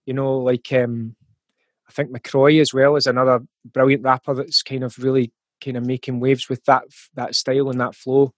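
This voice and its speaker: A man's voice: medium pitch, level tone, normal speed, dry recording. A man with a Scottish accent, a musician guest in a casual interview, talking thoughtfully with frequent ums and restarts. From Scotland.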